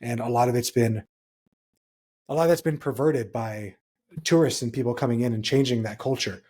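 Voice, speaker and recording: Young male podcast co-host from Hawaii, husky and dark-toned, reflective and earnest. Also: mid-range voice, normal speed. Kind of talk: casual podcast chat.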